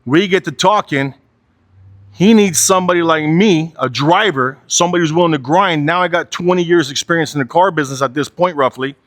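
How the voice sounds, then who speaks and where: Forties guy cussing his way through a pep talk, kinda high voice, says "right?" a lot, dry sound. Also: a little fast, a bit bright, no echo. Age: 40s. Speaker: motivational speaker. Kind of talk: candid motivational talk.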